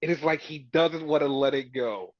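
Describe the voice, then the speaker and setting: A man hosting a podcast, chatting casually and excitedly with many fillers as he recaps a wrestling show. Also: on the high side, normal speed, dry recording. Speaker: podcast host. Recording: dull lo-fi sound.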